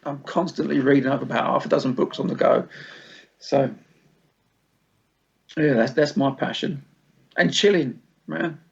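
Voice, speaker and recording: A man's voice: mid-range voice, fairly even intonation, measured pace, vocal fry, pauses often, breathy edge. A man and musician guest chatting casually on a podcast, laid-back, swearing freely and laughing often. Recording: dull lo-fi recording.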